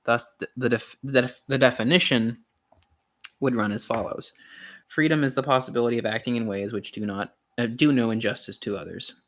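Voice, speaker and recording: A young man reading a philosophy text aloud in a casual way, pausing often with ums and restarts and adding wry, sarcastic asides. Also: mid-range voice, fairly even intonation. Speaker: channel host reading aloud.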